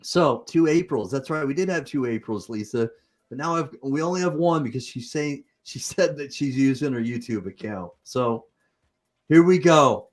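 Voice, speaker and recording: A man's voice: medium pitch, animated, normal speed. A man with a Utah accent hosting a livestream, chatting casually and improvising as he reads comments. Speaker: host.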